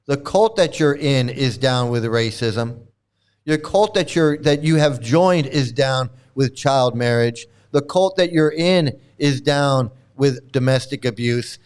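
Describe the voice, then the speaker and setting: A male host gives livestream commentary in a clean, mid-range voice. He sounds emphatic and exasperated, often repeating himself and swearing.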